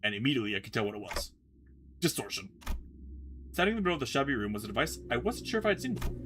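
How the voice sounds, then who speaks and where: A man streaming a story game, narrating its text aloud in an animated way and stumbling now and then. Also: mid-range voice, racing, noisy background.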